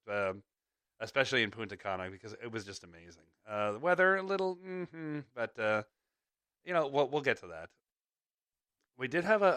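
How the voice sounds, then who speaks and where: A man's voice: fairly low pitch, bright, forceful tone, no room sound. A man hosting a podcast in rambling casual chat, chuckling between thoughts, with a slight clicky sound to his voice. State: slight clicky voice from ear infection. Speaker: podcast host.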